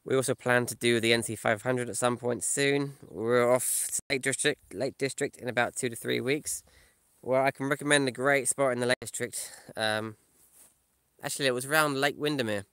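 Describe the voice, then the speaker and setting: Brief: male van-life vlogger, casual live chat, bright crisp voice, dry close sound. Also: mid-range voice, steady tone, moderate pace, no room sound. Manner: casual, chatty, reads comments aloud and answers them. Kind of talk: live stream chat, reading viewer comments. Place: in a camper van or parked outdoors.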